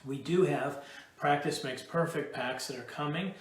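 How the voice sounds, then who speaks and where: A man's voice: a little high, moderate pace. A middle-aged man from upstate New York hosting a live question-and-answer session, rambling and playful as he explains things at length. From Buffalo, New York. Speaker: host answering curriculum questions. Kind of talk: casual live Q&A. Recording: echoey room.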